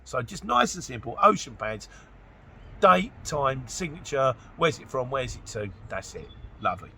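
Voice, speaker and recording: Chatty jokey man from Luton, lively voice. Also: mid-range voice, normal speed, slight background noise. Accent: Luton English. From Luton, England. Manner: chatty and jokey, rambling asides, mock-quoting others. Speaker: trucker vlogger answering viewer questions. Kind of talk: casual chatty Q&A monologue.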